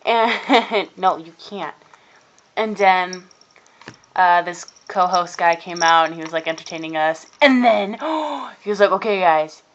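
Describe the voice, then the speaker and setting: A teenage girl telling a long casual vlog story about her day, rambling and acting out what people said in animated voices. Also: on the low side, measured pace, highs cut off, a little hiss or hum. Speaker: vlogger. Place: indoors at home, cold room.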